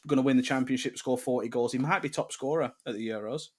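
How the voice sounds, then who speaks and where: A young man co-hosts a casual football chat on a podcast, his mid-range voice quick and slightly rough. It's easygoing banter, but he's animated, and when riled he swears and rants loudly.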